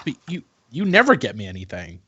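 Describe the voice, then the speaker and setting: A man voicing a paranoid, defensive heir in a tabletop game, halting and apologetic with many restarts. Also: medium pitch, huge pitch swings, pushed and bright, slightly rough, lo-fi sound, full character voice.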